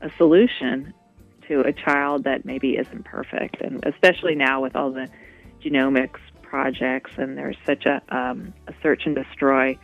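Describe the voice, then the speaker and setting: A woman's voice: very deep voice, steady tone, normal speed, soft background music. A woman guest in a radio interview, talking in a rambling way with many restarts. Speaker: guest, walk co-founder. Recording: dull lo-fi radio audio.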